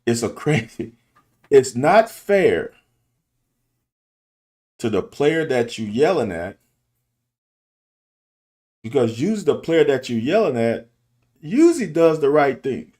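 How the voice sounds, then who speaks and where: A man's voice: medium pitch, sing-song, takes it slowly, pauses often, a little mellow. A middle-aged man and football coach talking candidly in a casual monologue, restarting and repeating himself to make his point. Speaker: football coach and show host. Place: car.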